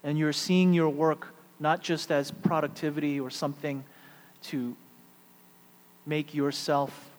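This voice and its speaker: A middle-aged man preaching a sermon, shifting between loud emphatic peaks and hushed, quiet stretches. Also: on the high side, little pitch movement, unhurried. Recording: long hall reverb, faint mains hum.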